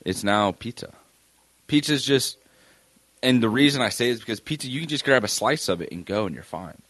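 A man's voice: mid-range voice, expressive, fairly quick, fairly bright tone, no room sound. A young man co-hosting a podcast, chatting in a laid-back, joking way and swearing casually. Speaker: podcast co-host. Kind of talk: casual chat.

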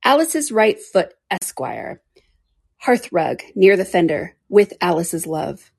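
A woman's voice: on the low side, sing-song, slow, vocal fry, a little mellow, husky, dry recording, studio quality, full character voice. A woman voicing Alice, a curious and flustered little girl who chatters to herself in a storybook reading. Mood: musing.

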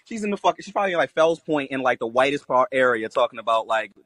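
A man's voice: medium pitch, expressive, quick pace, a bit bright, no echo. A man co-hosting a casual podcast chat, ranting loosely with lots of fillers and swearing. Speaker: podcast co-host.

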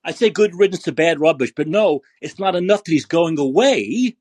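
Podcast host, man, furious profane rant, lively husky voice, dry close mic. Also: on the high side, normal speed, no room sound. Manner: yelling, profane, repeats rhetorical questions. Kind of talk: angry political rant.

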